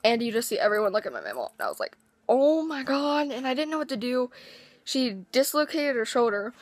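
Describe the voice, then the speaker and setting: Teen girl, hoarse lost voice, higher pitch, excited rambling vlog, dry close sound. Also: quick pace, no echo. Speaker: vlogger. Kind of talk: casual storytelling.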